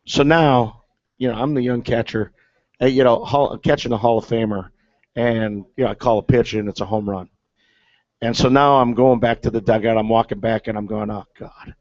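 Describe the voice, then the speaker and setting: Telling his story in casual chat, this guest and ex-catcher from the big leagues speaks at a moderate pace in a slightly mellow mid-range voice with fairly even intonation. Fillers and restarts fill his rambling, and the recording is dry, dull and lo-fi.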